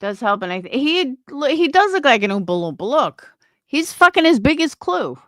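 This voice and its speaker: Woman ranting angrily with lively pitch. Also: normal speed, dry recording, studio quality. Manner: angry, profane, scornful ranting. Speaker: streamer. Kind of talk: livestream reaction rant.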